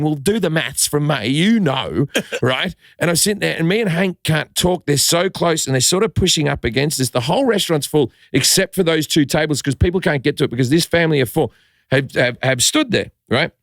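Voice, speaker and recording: A man's voice: fairly high pitch, brisk, no room sound, clean studio sound. A man telling a story as a comedian guest on a podcast, acting out the people in it and swearing freely. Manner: animated, acts out quotes, swears freely. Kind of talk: casual storytelling.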